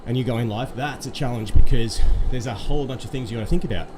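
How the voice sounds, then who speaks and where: Casual male streamer, friendly quizmaster energy, mid pitch, mid-workout, noisy room. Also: fast talker. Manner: chatty, upbeat, quizzing viewers. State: slightly out of breath from exercise. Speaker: live-stream host. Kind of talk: casual live-stream chat. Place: indoors on an exercise bike.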